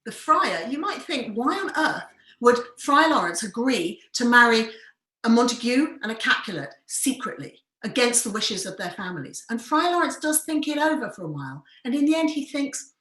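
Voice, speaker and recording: A woman theatre director who leads a workshop and tells the story with enthusiasm and expressive examples. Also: a little high, normal speed. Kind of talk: storytelling lesson. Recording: roomy echo.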